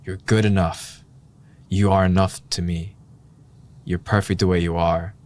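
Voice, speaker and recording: A man with a low, deep voice, co-hosting a podcast in a relaxed, heartfelt conversation. He reflects openly and candidly, thinking out loud and letting out the odd sigh as he works through his thoughts. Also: a little slow. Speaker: podcast co-host. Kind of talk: casual heart-to-heart chat.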